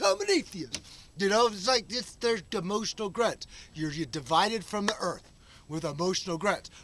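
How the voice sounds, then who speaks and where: A man with a high, bright voice rambles through an unscripted monologue. He restarts his sentences often and leans on fillers as he goes, his tone edged and forceful. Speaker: vlog host.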